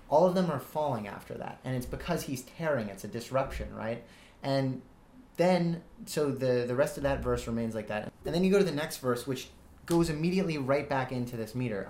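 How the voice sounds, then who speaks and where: A man's voice: mid-range voice, lively intonation, moderate pace, darkish tone. A young man in earnest analytical discussion, quoting lyrics with some hesitation. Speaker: student interviewer. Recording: roomy echo.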